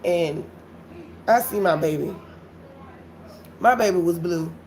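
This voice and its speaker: A woman telling a story on her live stream, animated and blunt, swearing freely and talking straight to her viewers. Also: on the low side, slow pace, a little hiss or hum. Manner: animated, blunt and profane, addresses viewers as y'all. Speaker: livestreamer.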